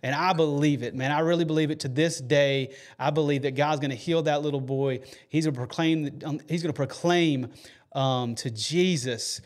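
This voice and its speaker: A man's voice: a little high, fairly even intonation, normal speed. A man hosting a faith podcast, telling a story earnestly and emotionally, with many fillers and restarts. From United States. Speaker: podcast host.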